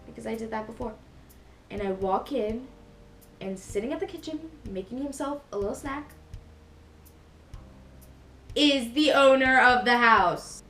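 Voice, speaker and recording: The vlogger, a young adult woman, speaks a bit brightly and slightly high, unhurried and with long pauses, casually wandering through her story with fillers and corrections of herself. The echoey room has faint music behind it.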